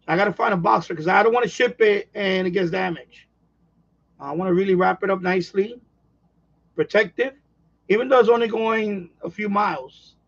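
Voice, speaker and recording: Rambling high-voiced man on a livestream. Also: normal speed, muffled recording. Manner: rambling, excitable, repeats himself with restarts. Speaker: radio hobby livestream host. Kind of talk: casual livestream chat reading viewer comments.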